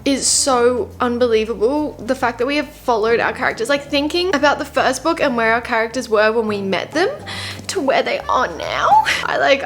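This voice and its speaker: A young woman vlogging about books in a casual, rambling way, openly emotional and gushing about what she reads. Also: on the high side. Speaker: book vlogger. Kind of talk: casual reading vlog.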